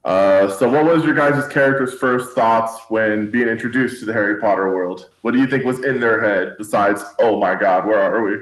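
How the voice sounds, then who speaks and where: A man's voice: lowish voice, moderate pace, hardly any pauses, reverberant, rough recording. A man hosting a casual chat with fellow players, joking and laughing often. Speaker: host.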